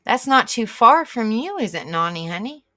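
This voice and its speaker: Bright chatty woman streamer. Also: a little high, sing-song, moderate pace. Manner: chatty and rambling, reacts aloud while reading chat. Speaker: livestream host. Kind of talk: casual chat to live viewers.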